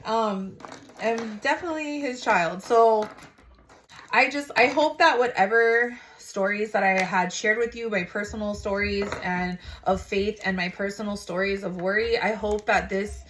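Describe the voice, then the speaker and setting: A woman's voice: mid-range voice, a little slow, fairly bright tone, slight background noise. A mother sharing a casual faith testimony, rambling and frank, with lots of "like" and some swearing.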